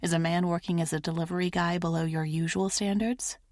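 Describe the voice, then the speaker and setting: A woman's voice: lowish voice, fairly even intonation, brisk, darkish tone, no room sound, natural voice. A woman narrator playing a tired, aloof male CEO who banters with a dry, taunting edge.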